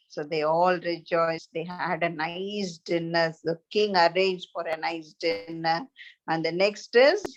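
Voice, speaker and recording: A woman telling a children's story in a chatty way, asking her listeners questions. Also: fairly low pitch. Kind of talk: reading a children's story aloud. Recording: dull lo-fi recording.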